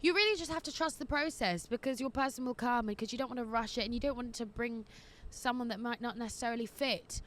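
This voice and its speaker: Out on windy streets, a twenty-something woman reads listener letters for her advice podcast, sassy, cheeky, and laughing a lot in casual agony-aunt chat. She speaks fast, her pitch leaning high.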